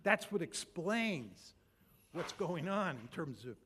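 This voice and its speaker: A man's voice: a little high, big pitch swings, slow pace, a bit bright, slight background noise. Emphatic man lecturing. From United States. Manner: emphatic, blunt, builds arguments with rhetorical questions and repetition. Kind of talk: lecture to an audience.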